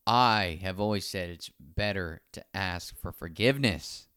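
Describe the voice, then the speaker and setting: Profane, animated man telling stories. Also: sits low, unhurried, smooth, no room sound, clean studio sound. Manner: profane, animated storytelling with mimicked voices. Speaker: podcast co-host. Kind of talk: casual chat.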